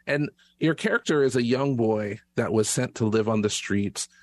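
A man's voice: medium pitch, normal speed, no echo. A man interviewing a young guest on the radio, asking friendly, curious questions.

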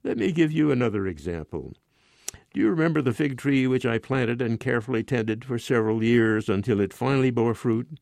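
A man's voice: medium pitch, lively intonation, fairly quick, vocal fry, a little mellow, no echo. An old man doing a pompous lecturing lieutenant. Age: 90s. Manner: condescending, lecturing. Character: pompous self-important male ex-cavalry lieutenant.

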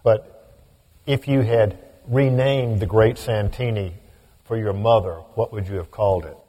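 Male radio host, very low voice, measured formal delivery. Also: steady tone, warm tone. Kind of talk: interviewing and introducing.

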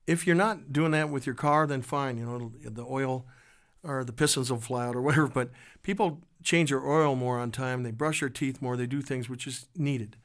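Casting note: male musician guest, earnest storytelling voice, halting and reflective. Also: mid-range voice. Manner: earnest, halting with restarts and fillers.

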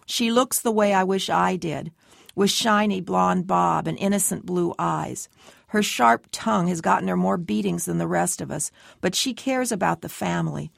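A woman's voice: lowish voice, moderate pace, vocal fry, dry recording, studio quality. A woman reading a first-person novel aloud, giving the dialogue light character shading. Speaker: audiobook narrator.

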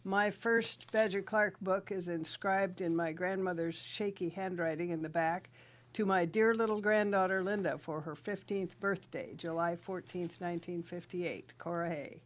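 A woman's voice: fairly low pitch, moderate pace. Older woman rancher telling stories. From South Dakota. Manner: lively storyteller, laughs often, recites verse. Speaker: guest writer and rancher. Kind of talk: radio interview storytelling.

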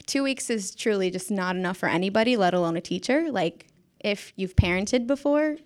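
A woman's voice: mid-range voice, lively intonation, moderate pace, smooth. A young woman, a former schoolteacher, casually telling a story in a chatty, self-mocking way and acting out the voices of the people in it. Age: young adult. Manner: chatty, self-mocking, acts out quotes, laughs often.

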